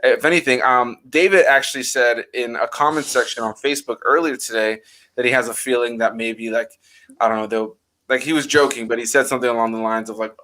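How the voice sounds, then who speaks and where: Bright-voiced man rambling in casual chat. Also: medium pitch, fairly quick. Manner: rambling, animated, many fillers. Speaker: host.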